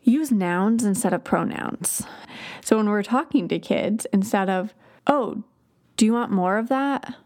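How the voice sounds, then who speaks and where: A woman's voice: mid-range voice, measured pace, a little mellow. A woman hosting a podcast, explaining child development in a conversational way with example phrases to children. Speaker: podcast host.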